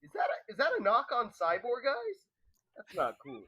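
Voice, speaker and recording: A player in a casual tabletop game, talking in a jokey, animated way with fillers. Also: mid-range voice, moderate pace, slightly rough. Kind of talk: casual tabletop role-play.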